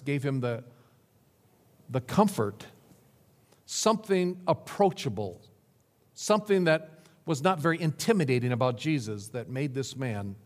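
A man's voice: medium pitch, darkish tone. A man preaching a sermon with dramatic emphasis, lists and repetition. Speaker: pastor. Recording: long hall reverb.

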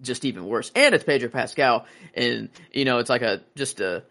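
A man co-hosting a podcast, chatting loosely with lots of "like" and restarts. He acts out his own reactions as he talks. His voice sits at an ordinary middle pitch. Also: moderate pace, pushed and bright. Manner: rambling, filler-heavy, acts out his reactions. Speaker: podcast co-host. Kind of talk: casual chat.

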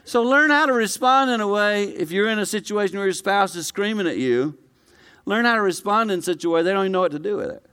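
Smooth-voiced male pastor preaching. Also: quick pace. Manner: swings from low and quiet to loud, high-pitched excitement; conversational, personal preaching with direct address. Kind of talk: sermon to a live congregation.

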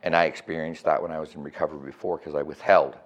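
A man's voice: a bass voice, level tone, fast, lo-fi sound. A middle-aged man telling his recovery story as a guest, candid and profane, often checking in with "right?".

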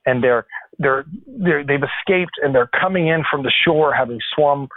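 Chatty guy rambling excitedly at home, sounds like a phone line, no room echo. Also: a little high, normal speed. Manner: enthusiastic, rambling with many restarts. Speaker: podcast host. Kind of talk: casual chat. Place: corner of his house.

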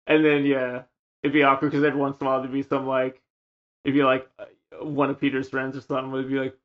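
A man's voice: medium pitch, fast talker, narrow, tinny audio. A man co-hosting a podcast, telling party stories in casual chat and acting out his friends' lines. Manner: animated storyteller, acts out friends' lines. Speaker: podcast co-host.

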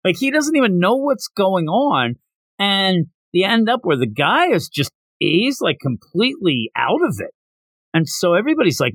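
A man talks through a manga chapter in a casual podcast recap, his voice swinging widely up and down. He throws in quick voices for the characters as he goes. The sound is close and dry. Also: high-pitched, dry recording. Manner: animated, acts out characters' lines in quick voices. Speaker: podcast host.

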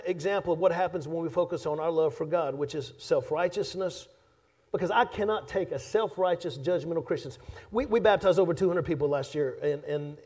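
In a church sanctuary, a man with a voice on the high side preaches a sermon as pastor. He is emphatic yet conversational, swinging between loud and soft and joking with his congregation.

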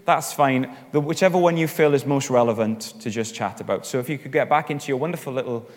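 A man leading a church group discussion, chatty and encouraging, with quick asides. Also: mid-range voice. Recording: long reverb in a large hall.

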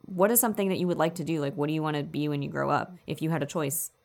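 A woman's voice: low voice, racing, vocal fry, darkish tone. A woman voicing a clever, fiery little girl who scolds her older brother. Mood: pleading. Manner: indignant, pleading questions.

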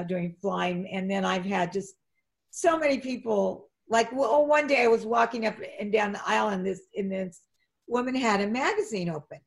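A middle-aged woman telling lively anecdotes in an interview, jumping up in pitch as she acts out what people said. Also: creaky. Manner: animated, acts out quotes in a high excited voice, frequent restarts. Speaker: actress and flight attendant, interview guest. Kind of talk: conversational storytelling.

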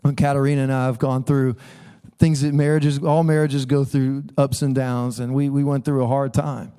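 A man preaching a sermon as a pastor, conversational and animated, acting out voices as he tells stories. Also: mid-range voice, normal speed, clean tone. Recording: long hall reverb.

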